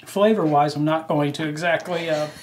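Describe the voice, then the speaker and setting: A man co-hosting a casual taste-test video, joking in a dry, deadpan way. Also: on the high side, normal speed. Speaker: co-host. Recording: noisy background hiss.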